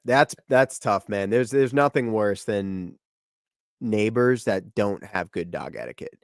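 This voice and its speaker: A man co-hosting a podcast in casual chat, blunt and quick to give firm advice. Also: lowish voice, no echo, studio quality. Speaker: podcast co-host.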